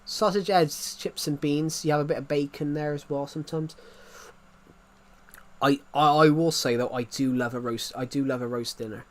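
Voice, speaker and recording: British male streamer, 20s, slightly high voice, rambling chatty delivery. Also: fairly even intonation, normal speed. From Britain. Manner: rambling, repeats and restarts phrases. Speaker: Minecraft live streamer. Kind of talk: casual live-stream chat reading out viewer comments.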